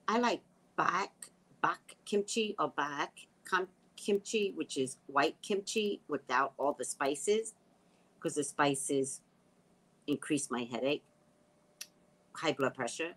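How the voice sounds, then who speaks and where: A woman's voice: low-pitched, slow, fairly bright tone, poor audio. A woman hosting a casual livestream, reading viewer comments aloud and reacting in a chatty way, sometimes dropping to a whisper. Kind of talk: casual live chat.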